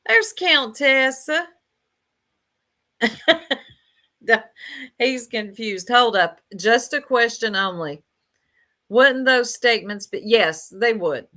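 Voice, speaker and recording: Woman, reaction commentary, slow, bright tone, sarcastic, laughs a lot, chats with viewers. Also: fairly high pitch, lively intonation. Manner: blunt, sarcastic, laughs often, talks to chat.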